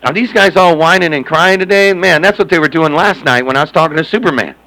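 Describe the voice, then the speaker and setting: A man's voice: on the high side, fast, sharp tone, low-quality recording. A man chatting and joking over CB radio, repeating himself and calling out to other operators by handle. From Southern California.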